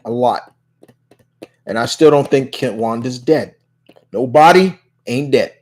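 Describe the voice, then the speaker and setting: A slightly mellow, medium-pitched male voice, a little slow with long pauses, belongs to a livestream Q&A host. In casual conversation he reads out audience questions and answers them rambling, with many restarts and "you know"s.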